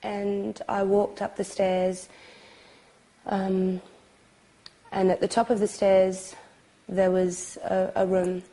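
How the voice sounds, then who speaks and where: Tearful British woman testifying for a documentary; halting delivery, dark mellow tone. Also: medium pitch, little pitch movement, rough recording. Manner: halting, pausing, hesitant with many ums. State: crying, sobbing. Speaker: abuse survivor recounting her experience.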